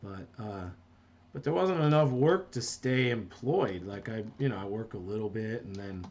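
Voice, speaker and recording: Speaking at a moderate pace in a lowish, expressive, slightly mellow voice, a middle-aged New Jersey animator chats on a live stream while working. He rambles, reads viewer comments out loud and keeps breaking off mid-thought. The highs in the audio are cut off.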